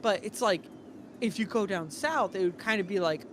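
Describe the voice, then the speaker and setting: A man's voice: high voice, moderate pace. A man with a New England accent chatting casually on a livestream in a rambling way, often restarting his sentences. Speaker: streamer. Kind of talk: casual chat. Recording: noisy livestream audio.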